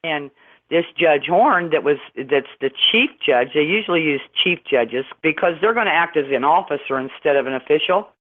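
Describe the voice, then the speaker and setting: A woman's voice: deep voice, lively intonation, moderate pace. Middle-aged woman calling in, rambling and indignant, stop-start delivery, thin phone-line sound. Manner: rambling, indignant, many restarts. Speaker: guest caller. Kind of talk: phone-in interview storytelling.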